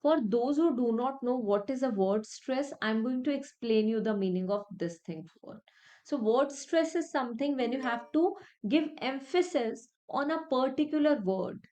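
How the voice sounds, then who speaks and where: A woman's voice: high-pitched, expressive, moderate pace, warm tone. A young woman teaching an exam-prep lesson, explaining each point step by step and repeating it with many "okay"s. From India. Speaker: English test tutor.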